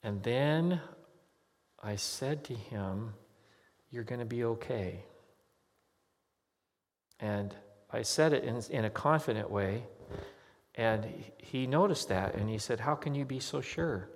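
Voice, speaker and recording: A man preaching as a pastor, speaking at an ordinary middle pitch. He tells his story earnestly and conversationally, like a sermon testimony. A long reverb hangs on his voice, as in a large hall. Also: expressive, a little slow.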